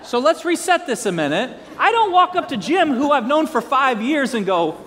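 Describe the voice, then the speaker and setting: High, lively male pastor preaching. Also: moderate pace, long reverb tail. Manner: lively, joking asides and call-and-response prompts. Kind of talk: sermon.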